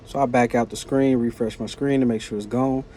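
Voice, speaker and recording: Male vlogger, mellow timbre, casual animated storyteller, faint background noise. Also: medium pitch, brisk. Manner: animated, slangy retelling of a work conflict.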